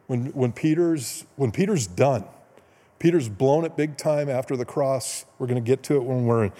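A man preaching a sermon as pastor, retelling stories in a casual, conversational way with quick asides. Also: medium pitch, mellow, in a large hall. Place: church sanctuary.

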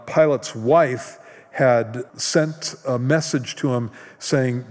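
A man preaching a sermon as a pastor, talking slowly and earnestly, with restarts. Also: medium pitch, darkish tone. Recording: church hall reverb.

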